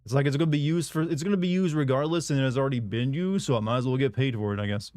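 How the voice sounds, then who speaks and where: A young man chatting casually while he streams a game, in a flat, monotone delivery that rambles and restarts. His voice sits in a middle pitch and sounds dry and close, with no room around it. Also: very fast, no room sound.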